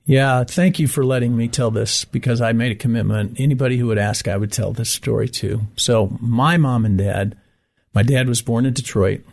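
A middle-aged man from Michigan talks as a guest in a casual interview. His voice is husky and a little breathy, at an average pitch for a man. He tells stories and acts out the people he quotes. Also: normal speed. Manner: storytelling, animated when quoting others.

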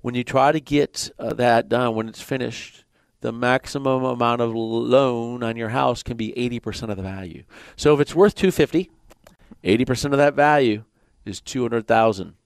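A man with a Michigan accent hosting a radio mortgage show from the studio. He talks plainly and throws in the odd joke while laying out numbers. His mid-pitched voice is recorded close and dry. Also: moderate pace, gravelly, smooth, dry recording. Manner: plainspoken, joking between explanations.

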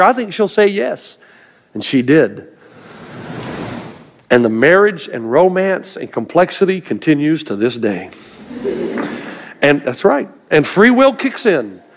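A middle-aged male pastor preaching a sermon to a live congregation, telling stories earnestly with light humor. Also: sits high. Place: church before a live congregation.

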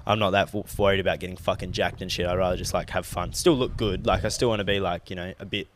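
A man's voice: low voice, fairly even intonation, quick pace, a little hiss or hum. A young man co-hosting a podcast in casual chat, laid-back and swearing freely. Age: young adult. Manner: laid-back, swears a lot, trails off with fillers. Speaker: podcast co-host.

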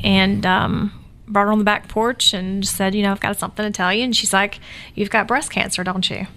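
A woman's voice: medium pitch, a bit bright, a little hiss or hum. Woman guest, storytelling, filler-heavy, emotional. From Georgia, US. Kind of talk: casual interview conversation.

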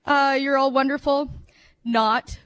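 A woman with a fairly high voice performs a shaky stand-up routine. She giggles nervously, trails off and mocks her own jokes as she rambles on. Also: fairly even intonation, slow, fairly bright tone, dry recording. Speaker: radio host doing stand-up. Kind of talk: nervous amateur stand-up set.

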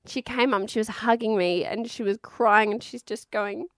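A woman's voice: on the high side, normal speed, no room sound, clean studio sound. A woman, frankly recounting her birth story in a casual, chatty way, swearing freely.

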